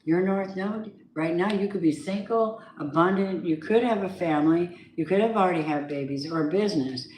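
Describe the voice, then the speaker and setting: A woman's voice: lowish voice, normal speed, few pauses, a little mellow, slight background noise. A woman giving a weekly tarot reading, chatty and blunt, talking straight to the viewer. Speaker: tarot reader. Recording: roomy echoey room.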